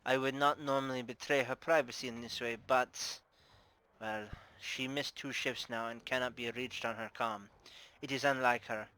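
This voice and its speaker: A man's voice: medium pitch, steady tone, moderate pace, sharp tone, smooth, lightly acted, rough recording. A man voicing a shrewd, playful madam who runs her house with formal, teasing grace, in a put-on Russian accent. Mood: worried. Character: shrewd playful female brothel madam, middle-aged. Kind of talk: tabletop game character voice.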